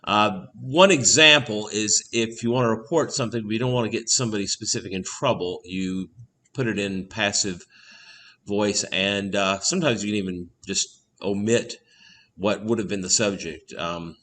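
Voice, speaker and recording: Low-ish guy teacher doing a quick recorded lesson, lots of uhs and ums, clears his throat sometimes. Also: pushed and bright, slight background noise. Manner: plain explaining with frequent uh and um fillers, occasional throat clearing.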